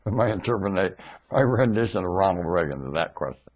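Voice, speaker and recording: Man, webcam monologue; husky, bright, swings his pitch all over, rambling and excitable. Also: a little fast, low-quality recording. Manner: rambling, excitable, often laughing. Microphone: webcam microphone.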